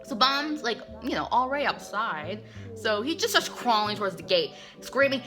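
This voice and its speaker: Chatty, bright-voiced woman recapping a comic. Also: on the high side, normal speed, soft background music. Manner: chatty, animated, full of "like".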